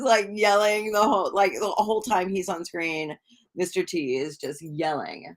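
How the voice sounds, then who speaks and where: A woman's voice: fairly low pitch, fairly even intonation, unhurried. A woman hosting a casual livestream, rambling chattily and greeting viewers in the chat. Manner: rambling and chatty, full of fillers. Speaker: livestream host and tarot reader. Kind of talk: casual live-stream chat.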